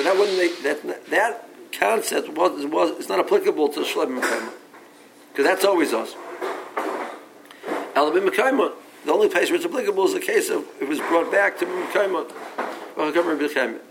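Man teaching Talmud with a gravelly voice. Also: fairly high pitch, a bit bright, slight background noise, rough recording. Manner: reasoning aloud, mixing English with Aramaic and Hebrew terms; frequent restarts and repeated words. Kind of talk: Talmud study lecture.

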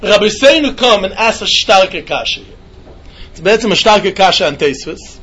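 A man teaching a Talmud lesson in a yeshiva style, with an animated singsong delivery. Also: high voice, normal speed, slight background noise. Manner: animated singsong, mixing Yiddish and Hebrew terms.

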